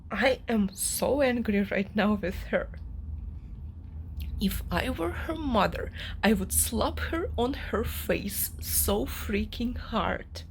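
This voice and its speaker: A woman's voice: mid-range voice, expressive, slow, gravelly, a little hiss or hum. A young woman vlogging about a novel she is reading, ranting with strong emotion and many fillers. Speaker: book vlogger. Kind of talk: casual reading vlog monologue.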